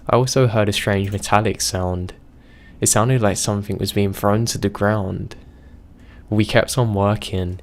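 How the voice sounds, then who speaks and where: In a voice on the low side, a man steadily narrates horror stories sent in by readers, reading from a script at a measured pace.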